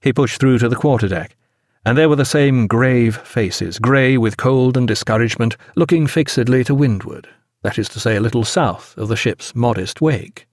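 A man narrating a sea novel as an audiobook, expressive and measured. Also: mid-range voice, no room sound, clean studio sound.

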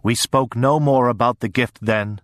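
A man narrates a first-person audiobook from a script, using a mid-range voice in an even, measured storytelling style. There's no room sound, and the audio is studio quality.

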